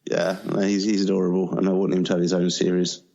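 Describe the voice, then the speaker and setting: A man with a deep, gravelly voice co-hosts a casual podcast. He drops dry, jokey asides. His mic sounds dull and lo-fi. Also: little pitch movement, quick pace, dark tone. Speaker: podcast co-host.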